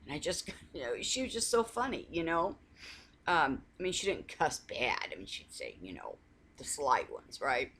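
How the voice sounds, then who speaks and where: A woman's voice: low voice, very animated, normal speed, a bit bright. A woman talking in a casual coffee chat, rambling through family stories with many restarts and laughing now and then. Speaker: faith vlogger.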